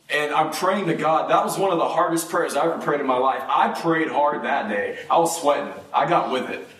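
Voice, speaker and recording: A man preaching a sermon and telling a personal story, his voice jumping up high when he gets excited. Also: reverberant, distant mic, rough recording.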